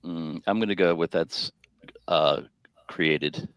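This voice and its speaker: A man's voice: low-pitched, slow, clean tone. A man co-hosting a casual podcast on a headset microphone, mostly giving short agreeing replies and reading viewer comments aloud. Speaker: podcast co-host. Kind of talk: casual chat.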